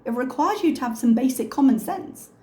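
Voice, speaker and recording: A woman hosting a reaction video, talking calmly with pointed, sarcastic remarks. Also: sits high, brisk, reverberant. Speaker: reaction channel host. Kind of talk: soft-spoken reaction commentary.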